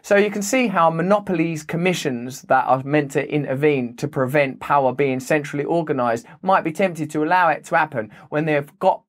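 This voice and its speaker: A man who reads from a report and breaks off into sarcastic, theatrical asides. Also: a little high. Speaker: commentator and comedian.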